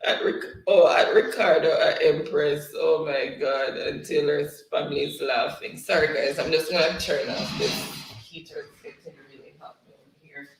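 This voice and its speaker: A man's voice: on the high side, normal speed, soft background music. A man hosting a casual livestream, reading viewer comments aloud and laughing often between them. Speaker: livestream host. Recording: roomy, distant from the mic.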